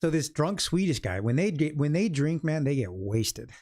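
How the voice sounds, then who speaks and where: His voice is a little high and sing-song, at normal speed with a darkish tone. This middle-aged Californian day-trading host talks casually on his livestream, a chatty, jokey storyteller who wanders into tangents and chuckles at himself.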